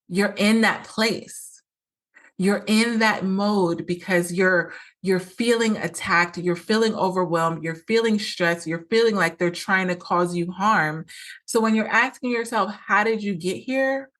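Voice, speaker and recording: A woman's voice: mid-range voice, a bit bright. A woman hosting a solo podcast, talking earnestly as a coach and acting out quoted lines with a lot of repetition.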